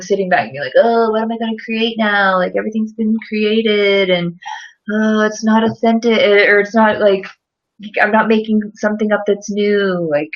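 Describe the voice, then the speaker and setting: A woman's voice: medium pitch, muffled recording. A woman co-hosting a casual podcast chat, talking emphatically and candidly and swearing freely. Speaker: podcast co-host.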